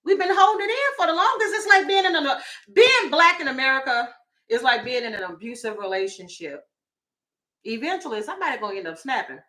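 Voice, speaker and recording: A woman tarot reader giving casual opinion commentary to camera, animated and sassy, talking straight to her viewers. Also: high voice. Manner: mimics other people in quick asides.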